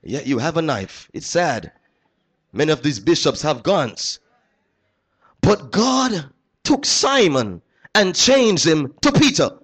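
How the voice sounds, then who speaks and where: A man delivers a sermon in a notably high voice. He leans on call-and-response, repetition and steady "uh" fillers. He swings between quiet, low asides and loud, soaring exclamations. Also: slow, pauses often, slightly rough. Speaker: pastor.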